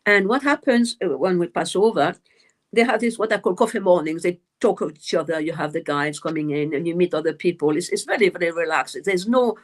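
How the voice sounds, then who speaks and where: A woman's voice: fairly low pitch, a little fast. A woman who grew up in French Algeria, a guest medium and author, talking in a rambling, chatty way on a live stream. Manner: chatty, rambling, many restarts.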